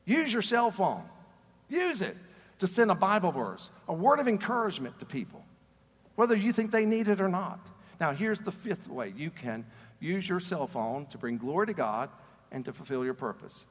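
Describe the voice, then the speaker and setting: A man's voice: a little high, sing-song, normal speed, husky. A man preaching a conversational sermon as pastor, earnest and storytelling, often repeating words as he starts a sentence. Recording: long reverb of a large hall.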